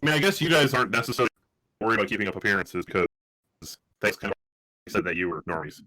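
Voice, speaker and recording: A man's voice: fairly low pitch, big pitch swings, quick pace, pushed and bright, no room sound, poor audio. A man narrating as game master in loose, rambling casual talk.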